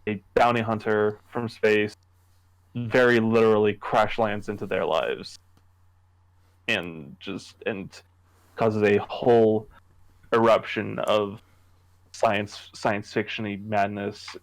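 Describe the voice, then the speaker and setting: A young man from Canada, co-hosting a podcast, chatting casually about his writing in a halting way with many restarts. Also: fairly low pitch, fairly even intonation, poor audio. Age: young adult. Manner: halting, restarts often, laughs easily. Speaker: podcast co-host, horror writer. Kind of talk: casual chat.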